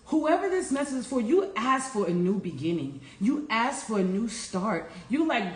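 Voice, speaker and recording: A woman's voice: fairly high pitch, big pitch swings, moderate pace, few pauses, echoey room. A woman life coach giving an earnest, preachy morning talk and calling her listeners y'all. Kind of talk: casual inspirational morning talk.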